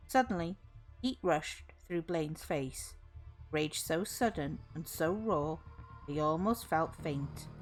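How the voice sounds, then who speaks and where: A woman streamer reads a horror story aloud with very lively, expressive pitch. Faint music plays softly under her voice, and she greets her chat warmly between passages. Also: takes it slowly.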